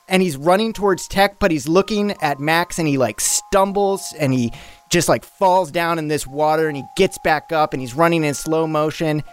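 A man's voice: a little high, moderate pace, clear, resonant tone, soft background music. A man narrating his character's actions in a tabletop role-playing game, rambling and profane.

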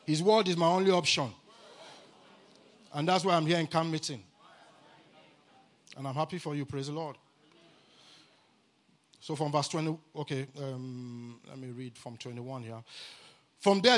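Exuberant high-voiced Nigerian preacher. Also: male voice. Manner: exuberant, call-and-response, rising to shouts. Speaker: guest preacher. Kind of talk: sermon. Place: church camp meeting.

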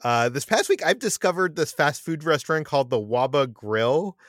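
A man's voice: a little high, expressive, normal speed, fairly bright tone, no room sound, clean studio sound. A man hosting a casual podcast chat, talking with frequent stammered restarts and fillers. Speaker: podcast host.

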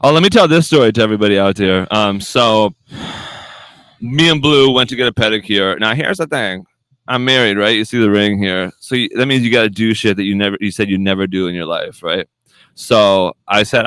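A man's voice: lowish voice, brisk, fairly bright tone, clean tone, dry recording. A young man hosting a podcast, telling stories in loose, profane, casual banter. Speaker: podcast host.

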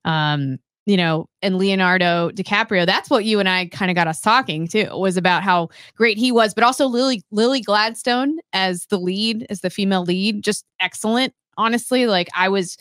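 A woman co-hosting a casual sports podcast, talking in a thoughtful, chatty way with quick light laughs. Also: medium pitch, a bit bright, smooth, no echo, clean studio sound. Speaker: podcast co-host.

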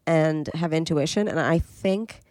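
A woman's voice: deep voice, unhurried, a little mellow, dry recording, clean studio sound. A young woman co-hosting a podcast, chatting casually about a reality show and quoting the cast in playful voices. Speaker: podcast co-host. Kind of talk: casual reality TV recap chat.

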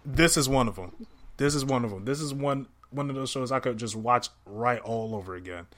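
A man's voice: mid-range voice, brisk, a bit bright. A man hosting a casual chat who speaks enthusiastically and stumbles over his words. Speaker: podcast host.

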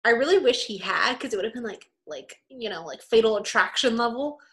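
A woman with a fairly high-pitched voice chats on a podcast as co-host. She talks in an animated rush and swears freely, acting out bits as she goes. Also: brisk. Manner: animated, swears freely, acts out characters' lines. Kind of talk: casual chat.

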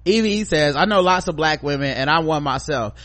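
Bright fairly high guy on a podcast, cussing, acting stuff out, telling stories. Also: brisk. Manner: animated storyteller, profane, acts out quotes loudly. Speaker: podcast co-host. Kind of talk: casual comedic chat, reading listener feedback.

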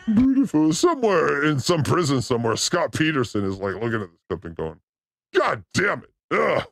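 A man hosting a livestream, reacting to clips with crude, excitable jokes. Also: a little high, fairly quick, dry recording, clean studio sound, soft background music. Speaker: show host reacting to clips. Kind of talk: livestream clip commentary.

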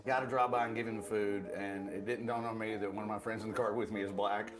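A man telling a long, lively story as a comedian, acting out the people in it. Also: lowish voice, quick pace. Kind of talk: animated storytelling. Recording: clip with loud music underneath.

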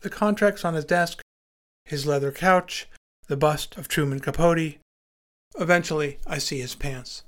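A man's voice: a little high, a little slow, a bit bright. A man telling a first-person story with acted dialogue in a dry, wry, articulate way, and hosting his podcast.

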